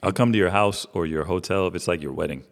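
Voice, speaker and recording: Deep-voiced middle-aged man, laid-back and profane. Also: quick pace. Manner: laid-back, profane, with lots of "you know what I'm saying". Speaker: barber, guest. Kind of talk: casual storytelling chat. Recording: long reverb in the room.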